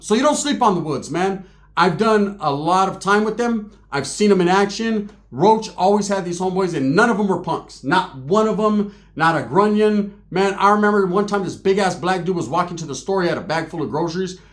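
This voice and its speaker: Man, slightly high voice, casual storyteller, profane street slang, keeps asking "right?". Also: lively intonation, fairly quick. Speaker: storyteller recalling prison and gang life. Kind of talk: casual anecdote-telling.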